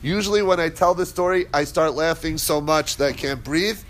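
A Torah teacher with a fairly high voice leads a casual class built around storytelling, speaking a little fast. He's chatty and digressive and laughs as he tells his stories. A faint background noise runs beneath his voice.

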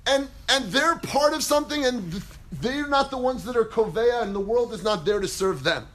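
A man teaching a Torah class as a rabbi, acting out quotes dramatically with big swings in pitch and volume. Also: lively intonation, moderate pace, fairly bright tone. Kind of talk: animated Torah lecture.

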